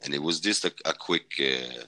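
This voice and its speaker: A man's voice: a bass voice, normal speed, pushed and bright, dry recording, low-quality recording. A Swedish man, a native Swedish speaker, casually and bluntly telling a war story on a podcast, rambling and swearing. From Sweden. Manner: rambling, blunt, swears freely, many restarts. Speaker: podcast guest, former fighter and medic.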